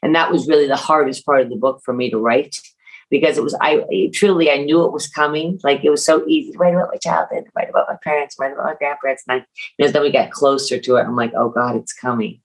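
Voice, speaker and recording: Animated middle-aged woman podcast guest. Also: deep voice, fast talker, poor audio. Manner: animated, acts out family quotes. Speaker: guest, author. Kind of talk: casual podcast interview.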